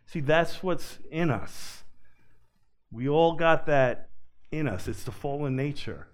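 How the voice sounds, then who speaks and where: A man preaching a sermon as pastor, earnest and emphatic, rising to loud urgency and dropping to quiet pleading. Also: fairly high pitch, lively intonation, slow pace.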